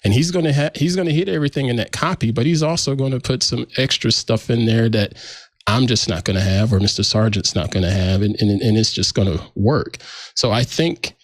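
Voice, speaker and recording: A man co-hosting a tech podcast, talking casually with a relaxed, searching manner. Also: mid-range voice, fairly quick, dry recording, studio quality. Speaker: podcast co-host.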